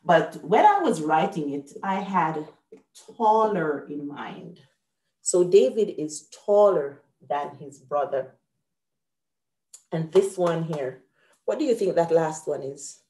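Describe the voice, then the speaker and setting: Woman host going over grammar slowly, mellow tone, kinda low voice. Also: echoey room. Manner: patient, explains step by step, lively on examples. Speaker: host and teacher. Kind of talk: online grammar lesson.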